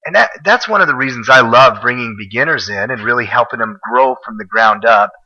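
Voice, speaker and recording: A male podcast host speaks in a very bright, tense voice at a mid pitch. His manner is relaxed and chatty as he talks with his guest. The sound is dull and lo-fi. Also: fairly quick. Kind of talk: casual interview talk.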